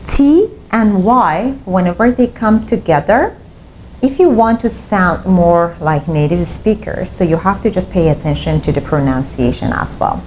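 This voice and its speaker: A woman's voice: on the low side, expressive, unhurried, darkish tone, slight background noise, low-quality recording. A woman teaching an online English lesson, explaining step by step and repeating her examples. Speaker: English teacher and language school founder.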